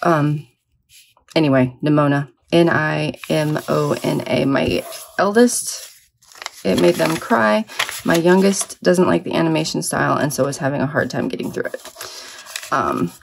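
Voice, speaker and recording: A woman's voice: deep voice, measured pace, vocal fry, a little hiss or hum. A middle-aged woman in a sleepy early-morning mood, rambling chattily and self-deprecatingly while she crafts. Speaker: vlogger.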